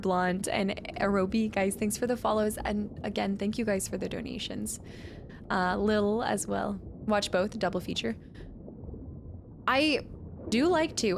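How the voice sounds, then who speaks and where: A woman's voice: medium pitch, a little hiss or hum. A woman streamer chatting casually with viewers while playing a game, laughing often and thanking people for donations and follows. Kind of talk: casual live-stream chat while gaming.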